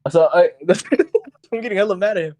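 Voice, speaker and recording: A young man co-hosting a podcast, telling a story in a casual, animated, profane way and acting out what people said. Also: high voice, very fast, no room sound. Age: young adult. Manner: animated, profane, acts out quotes. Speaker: podcast co-host. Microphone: podcast mic on voice chat.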